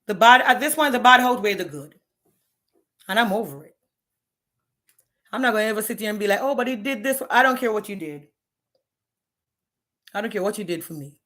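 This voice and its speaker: A woman's voice: medium pitch, lively intonation, fairly quick, pauses often, bright, forceful tone. A woman, ranting bluntly and profanely on a live stream, challenging her viewers. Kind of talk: candid live-stream rant.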